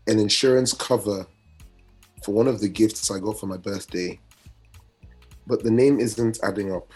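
Husky, low-voiced, flustered podcast co-host. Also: male voice, normal speed, a little mellow, soft background music. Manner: flustered, rambling, self-correcting. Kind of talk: casual chat.

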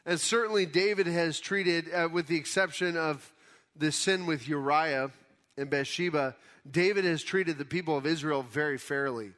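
A pastor preaching a conversational sermon, explaining scripture casually in everyday words. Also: male voice, a little high, moderate pace, a bit bright. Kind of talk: conversational Bible teaching sermon.

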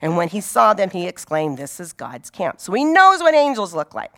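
A woman's voice: lowish voice, wildly swooping pitch, moderate pace, a bit bright. A woman giving an informal Bible teaching in a conversational way, often asking her listeners rhetorical questions.

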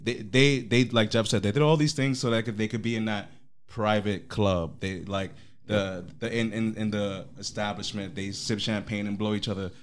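A man's voice: lowish voice, steady tone, moderate pace. A man co-hosting a podcast in casual chat, laid-back and slangy, often chiming in to agree. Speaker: podcast co-host.

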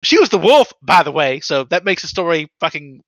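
A man's voice: on the high side, very animated, a little fast, fairly bright tone, no room sound, poor audio. A man with a Southern accent co-hosting a podcast in casual chat, joking, swearing and poking fun at himself. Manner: joking, swearing, self-deprecating. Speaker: podcast co-host.

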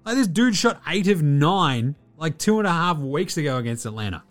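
A man hosting a casual sports talk show, swearing freely and talking in a loose, animated way. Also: a little high, moderate pace, faint music behind. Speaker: podcast host.

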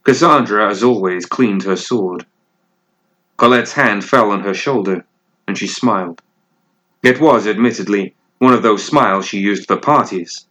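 A man reading a piece of fiction aloud as narrator, in a measured, deliberate way. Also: lowish voice, sharp tone.

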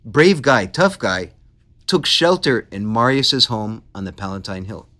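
Bright-voiced man telling history casually. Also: on the low side, a little slow. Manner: animated, laughs easily, playful asides. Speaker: podcast host. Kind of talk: casual history podcast storytelling.

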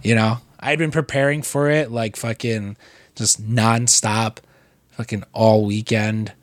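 A man's voice: fairly low pitch, steady tone, unhurried, no room sound. A man with a cold co-hosting a podcast, rambling in casual chat with lots of restarts and swearing. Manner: rambling, many restarts and fillers, profane. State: sick with a cold. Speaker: podcast co-host.

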